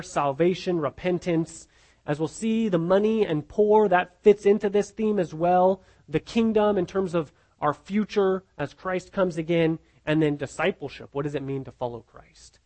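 A man's voice: high voice, darkish tone. A man teaching a casual sermon-style Bible lesson to a group, conversational and repeating his words as he goes. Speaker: pastor teaching a Bible class.

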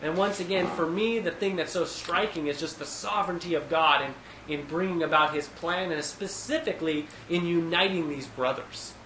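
A man with a slightly higher voice leads a relaxed Bible study, thinking out loud and restarting his sentences often. He livens up when he retells a scene. The room is echoey, with a faint hiss behind him. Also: moderate pace. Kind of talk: casual Bible study teaching.

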